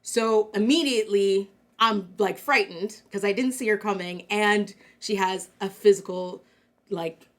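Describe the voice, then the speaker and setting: A woman's voice: medium pitch, measured pace. A young woman from Canada co-hosting a casual talk show, telling a story in a chatty way with lots of fillers and acted-out quotes. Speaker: co-host.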